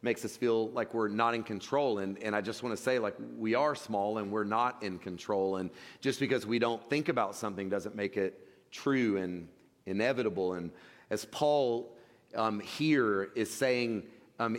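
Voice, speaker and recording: A man preaching a sermon in a relaxed, conversational way, often restarting phrases as he talks. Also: fairly low pitch, normal speed. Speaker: pastor. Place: church sanctuary. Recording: long hall reverb.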